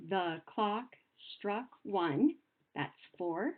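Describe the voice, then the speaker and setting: A young adult woman teacher explaining poetry to children in a patient, sing-song way, slowing down to sound out words. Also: medium pitch, animated. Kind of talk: recorded classroom lesson. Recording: phone-like narrow sound.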